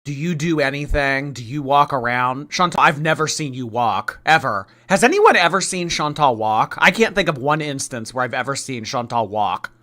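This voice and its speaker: A man's voice: mid-range voice, lively intonation, normal speed, few pauses, bright, forceful tone. A man commenting on a live stream in a sarcastic, mocking way, rambling and restarting his sentences.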